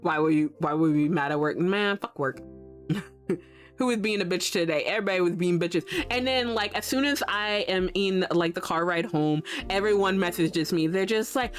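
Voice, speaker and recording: A young woman streamer rants her way through a casual stream chat, swearing freely and breaking into laughter often. Her voice sits at an ordinary middle pitch, and she acts out her own fed-up reactions. Soft music plays quietly behind her. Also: animated, moderate pace. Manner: profane, ranting, laughs often. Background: faint background music.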